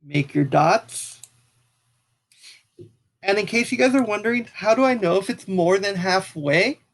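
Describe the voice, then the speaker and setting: A young man tutoring math, talking casually through a software walkthrough as he clicks, now and then apologizing for his slips. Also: sits high, expressive, a little slow. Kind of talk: screen-recorded software tutorial.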